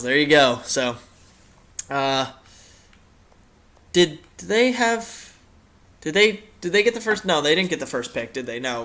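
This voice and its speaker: A man's voice: on the high side, pushed and bright. A young man casually commenting on a hockey video game as its host, rambling with many fillers and the odd swear. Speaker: gaming channel host.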